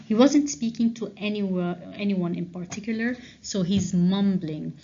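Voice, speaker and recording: A woman's voice: on the low side, dark tone, slight background noise. Teacher woman explaining answers, lo-fi sound. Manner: explains slowly, frequent "okay?" checks. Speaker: English teacher. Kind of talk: revision lesson walkthrough. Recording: dull lo-fi recording.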